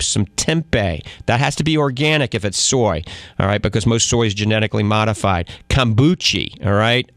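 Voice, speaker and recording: A man's voice: medium pitch, fairly bright tone, no room sound. A man with a Cajun New Orleans accent hosting a live call-in radio show, chatty and folksy, often checking in with "all right?". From Louisiana. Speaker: radio talk show host and doctor.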